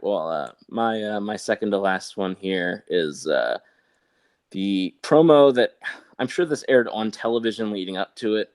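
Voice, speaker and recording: A man's voice: low-pitched, dry recording. A man co-hosting a casual podcast chat, rambling with wry asides and many fillers.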